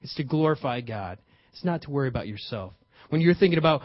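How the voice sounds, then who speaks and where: A man preaching a sermon to a live congregation in a conversational way, often checking in with his listeners and building to loud, emphatic peaks. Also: mid-range voice, fast. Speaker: pastor. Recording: dull lo-fi recording.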